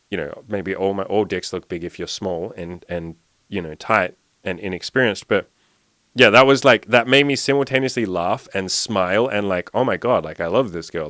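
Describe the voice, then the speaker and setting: A young dating and self-improvement coach rambles through a story in a relaxed monologue, his speech heavy with "like" fillers. The voice is fairly low in pitch with a fairly bright tone, and the recording has no echo.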